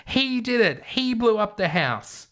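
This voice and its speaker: A man voicing a hysterical old woman neighbour in a storybook reading, with a shrill, frantic delivery. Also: very animated, a little slow, a bit bright.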